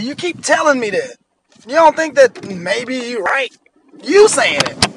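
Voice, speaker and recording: A man's voice: very high-pitched, animated, moderate pace, fairly bright tone, a little hiss or hum, low-quality recording. A man in his thirties hosting a podcast, ranting bluntly and profanely in an annoyed tone. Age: 30s. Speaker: podcast host. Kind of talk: solo podcast rant.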